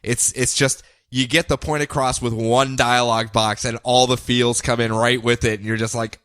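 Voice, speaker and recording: Animated, bright-voiced man recapping comics. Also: medium pitch, moderate pace, few pauses, dry recording, clean studio sound. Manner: animated retelling, acts out characters' lines. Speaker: podcast co-host. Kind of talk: casual comics review chat.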